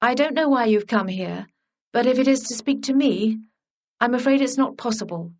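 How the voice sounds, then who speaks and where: A woman voicing a composed young governess who speaks crisply and coolly. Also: on the high side, normal speed, natural voice. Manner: crisp and cool.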